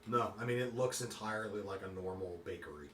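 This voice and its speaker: A man runs a tabletop game, describing scenes in an easygoing voice full of little pauses. His voice is mid-pitched, and it echoes and sounds distant with a faint hiss. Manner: relaxed, with many fillers. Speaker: game master. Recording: echoey room, far from the mic.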